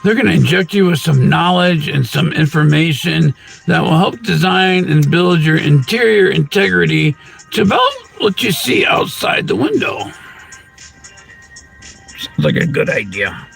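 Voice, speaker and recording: A man hosting his own channel, delivering a rambling spiritual monologue full of wordplay and rhymes, with sudden loud bursts. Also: on the high side, very animated, a little slow, creaky, faint music behind. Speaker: channel host.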